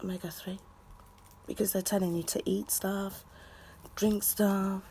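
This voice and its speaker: A woman in a rambling live video chat. She rants and shouts out to friends in an excitable way. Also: mid-range voice, a little slow, gravelly, a little hiss or hum. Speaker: vlogger.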